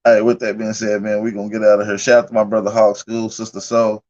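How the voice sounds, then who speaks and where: A man's voice: on the low side, little pitch movement, fast talker, darkish tone, muffled recording. A man hosting a casual livestream, telling stories in a loose, profane, laughing way. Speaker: livestream host.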